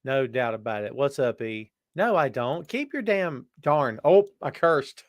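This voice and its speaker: A podcast host with lively intonation and a measured pace welcomes chat viewers by name, calling them "brother" and "my friend" on his casual stream. He alternates loud exclamations with quiet asides, and the studio-quality audio has no room sound.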